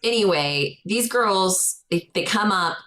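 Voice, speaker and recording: A woman's voice: mid-range voice, lively intonation, slow, fairly bright tone, low-quality recording. A young adult woman, co-hosting a podcast, telling a story animatedly and acting out quotes in a raised voice. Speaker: podcast co-host. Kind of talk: casual storytelling chat.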